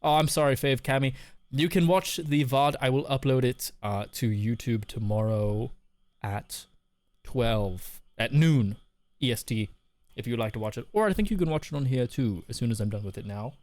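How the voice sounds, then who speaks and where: A man's voice: mid-range voice, normal speed, a little mellow, no echo. A man hosting a live stream, giving casual advice and reading chat messages aloud with a joking manner. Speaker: streamer host.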